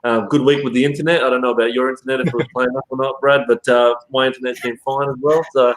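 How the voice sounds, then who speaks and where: A man's voice: mid-range voice, little pitch movement, quick pace, low-quality recording. A man co-hosting a live stream, trading playful banter. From Australia. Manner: playful banter, swears casually. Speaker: co-host of a live reselling show. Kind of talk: casual live-stream chat.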